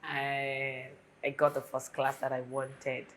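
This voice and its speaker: A young woman with a Nigerian accent talking earnestly and warmly to her viewers in a casual vlog. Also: very deep voice, completely flat delivery, slow, slight background noise, poor audio. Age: young adult. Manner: earnest and warm toward viewers, heartfelt. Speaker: vlogger.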